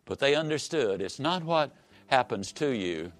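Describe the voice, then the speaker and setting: A man giving a folksy, emphatic motivational talk that swoops high and low. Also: sing-song, normal speed. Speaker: motivational speaker. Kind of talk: motivational speech.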